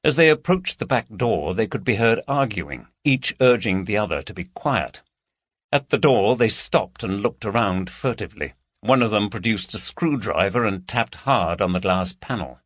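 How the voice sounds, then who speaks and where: A man narrating a crime audiobook in a lively, dramatic storytelling manner. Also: lowish voice, normal speed, no room sound, studio quality. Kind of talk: scripted narration.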